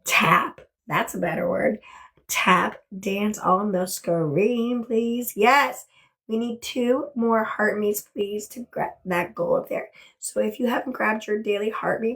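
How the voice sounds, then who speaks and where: Speaking slowly in a steady, fairly bright tone at medium pitch, this woman hosts an easygoing livestream from her bedroom. She chats and gushes, swears without a second thought, and thanks her viewers repeatedly.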